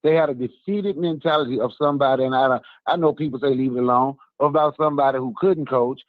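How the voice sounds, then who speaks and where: A man's voice: mid-range voice, fast, no echo. Fired-up male caller on a tinny phone line. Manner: emphatic, repetitive, rallying fan talk. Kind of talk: animated call-in argument.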